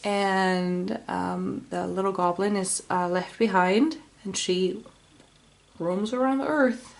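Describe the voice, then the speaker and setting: A woman's voice: mid-range voice, steady tone, takes it slowly, gravelly. A woman giving a casual tarot reading, dreamy and rambling with sighs. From Finland. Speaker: tarot reader.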